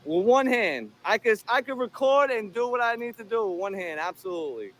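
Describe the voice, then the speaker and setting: A man's voice: high-pitched, expressive, a little fast, fairly bright tone, slight background noise. A man filming outdoors on a handheld phone, taunting people in a profane, combative way. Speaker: video host filming encounters. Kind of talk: confrontational street filming.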